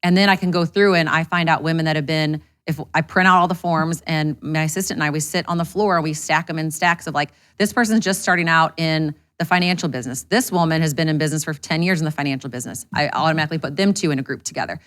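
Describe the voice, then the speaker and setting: A woman speaking at a quick clip in a slightly low voice, candid and blunt, cursing casually as she explains how she runs things. She talks as a guest in a relaxed interview conversation. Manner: fast, candid, swears freely. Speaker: interview guest, business owner.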